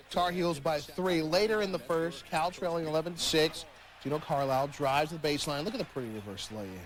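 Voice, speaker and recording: Punchy male sports anchor. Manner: punchy, animated highlight calls. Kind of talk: highlights commentary.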